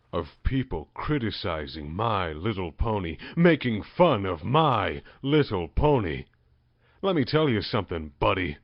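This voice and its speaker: A man's voice: lowish voice, dry recording. A man playing a bitter, obsessive male cartoon fan in an indignant rant. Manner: ranting, indignant. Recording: muffled lo-fi recording.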